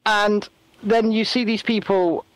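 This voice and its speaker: A man chatting casually as a podcast co-host, animated and given to mocking voices. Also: high voice, takes it slowly, slight background noise. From England. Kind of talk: casual political chat.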